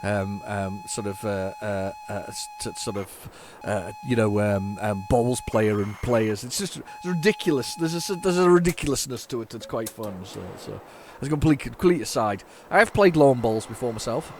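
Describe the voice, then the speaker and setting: A man's voice: mid-range voice, huge pitch swings, moderate pace, few pauses, a little mellow. A man hosting a retro gaming video, chatting casually and rambling through his commentary with many fillers and restarts.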